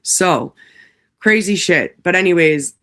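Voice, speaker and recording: A man's voice: sits high, takes it slowly, bright, forceful tone, slight background noise. A man hosting a casual livestream, talking in a rambling, heavily profane way with lots of fillers. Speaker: livestream host.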